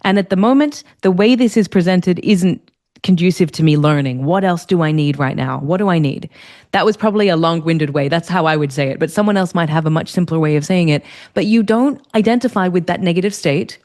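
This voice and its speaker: A woman, a leadership strategist, speaking as an interview guest and explaining ideas clearly and fluently. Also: lowish voice, a little fast. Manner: articulate, warm, explanatory. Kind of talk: conversational interview.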